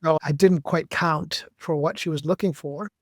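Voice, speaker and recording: A man, an actor and director, telling stories in a measured, reflective way as a podcast guest. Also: on the high side, fairly even intonation, no echo, clean studio sound. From United States. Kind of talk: podcast interview.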